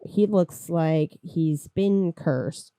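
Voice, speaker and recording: A woman's voice: low voice, very slow, dark tone, dry recording, studio quality. A woman co-hosting a podcast, chatting casually about an old film with jokey, sarcastic banter. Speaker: podcast co-host.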